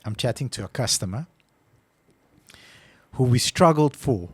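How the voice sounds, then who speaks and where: A man's voice: mid-range voice, animated, a little slow, slightly rough, dry recording. A man co-hosting a casual podcast who tells stories with animation and acts out his phone calls. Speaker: podcast co-host. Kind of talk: casual chat.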